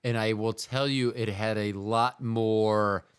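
A man's voice: lowish voice, fairly even intonation, takes it slowly, smooth. A man co-hosting a podcast, chatting casually in a rambling, jokey way that runs off on tangents. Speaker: podcast co-host.

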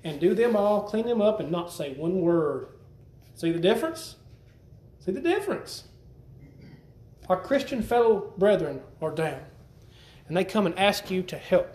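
A man's voice: high-pitched, darkish tone, echoey room. A man preaching a sermon to his congregation, conversational and repetitive, often putting questions to the listeners. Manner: conversational, repeats himself, asks the congregation questions.

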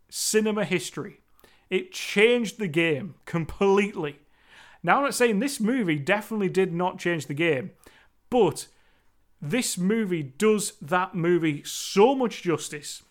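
A man with a fairly high voice talks through a film review in a solo vlog. He is emphatic and enthusiastic, often stopping to restart or correct himself as he makes his case.

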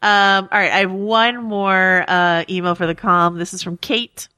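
A woman's voice: medium pitch, fairly even intonation, unhurried, bright, forceful tone, clear, resonant tone, no echo, studio quality. A woman co-hosting a podcast, casually reading listener emails aloud with easy laughs and frequent fillers. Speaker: podcast co-host.

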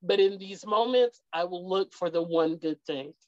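A woman's voice: lowish voice, moderate pace, darkish tone, dry recording. A woman speaking as a guest in a heartfelt conversational interview, earnest and repeating her key phrases for emphasis. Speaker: guest, parent. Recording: dull lo-fi dry sound.

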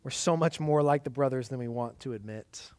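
A man preaching a sermon, swinging from loud, emphatic lines to hushed, quiet passages. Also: medium pitch, brisk, no echo. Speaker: pastor.

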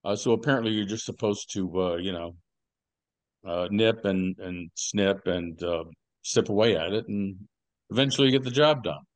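Older man, low voice, dry close sound, rambling deadpan podcast host, lots of ums. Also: normal speed, no echo. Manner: rambling storyteller, deadpan jokes, many fillers. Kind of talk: casual podcast chat.

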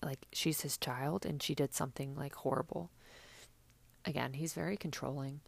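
A woman's voice: low-pitched, steady tone, moderate pace, creaky, slightly rough. A young woman chatting casually and sarcastically as a podcast host, with many fillers. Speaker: podcast host recapping reality TV. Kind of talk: casual chat.

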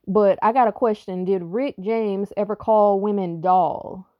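A woman's voice: medium pitch, fairly even intonation, measured pace, hardly any pauses, no echo, muffled recording. A woman who is a spiritual reader, talking on her podcast in a rambling, profane, emphatic way. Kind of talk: casual podcast monologue.

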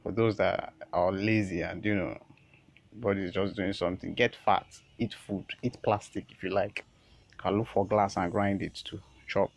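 A man's voice: low-pitched, steady tone, normal speed, vocal fry. A man hosting a comedy podcast, rambling casually and repeating his words as he goes. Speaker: podcast host.

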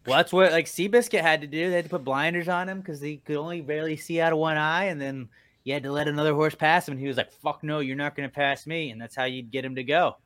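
A man hosting a casual podcast chat, telling animated stories, swearing freely and acting out quotes. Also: on the high side, fast, no echo. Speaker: radio morning show host.

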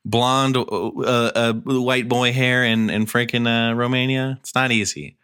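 Male podcast co-host, playful storyteller, bright tone, unhurried. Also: medium pitch, steady tone, clear, resonant tone. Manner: laughs often, playful made-up storytelling. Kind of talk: casual comedic riffing.

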